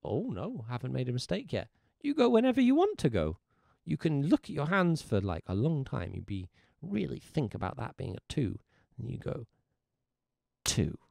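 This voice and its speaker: Male music teacher, livestream lesson: gravelly tone, very animated pitch, dry close sound, playful and encouraging. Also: moderate pace, dry recording. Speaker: music teacher streaming live.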